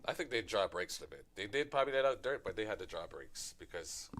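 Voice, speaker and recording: Opinionated low-voiced man radio host. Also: lively intonation, fast talker, fairly bright tone. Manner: opinionated, emphatic. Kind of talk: casual radio talk.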